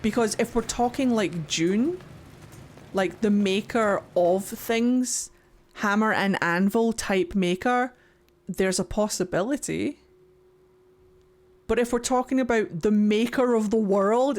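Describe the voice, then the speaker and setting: A woman's voice: medium pitch, slow pace. A chatty young woman streamer swearing gleefully. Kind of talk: let's play commentary.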